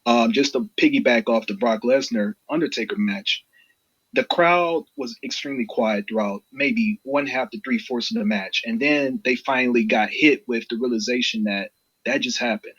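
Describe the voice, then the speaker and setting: Husky-voiced man telling wrestling stories. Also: mid-range voice, normal speed, lo-fi sound. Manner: excitable storyteller, swears freely, addresses listeners directly. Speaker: podcast co-host. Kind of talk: casual wrestling podcast chat.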